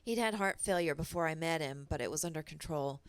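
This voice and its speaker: A woman guest on a TV talk show, speaking candidly in a soft, subdued way with halting pauses and nervous laughs. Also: low-pitched. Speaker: guest singer. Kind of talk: casual interview talk. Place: TV studio.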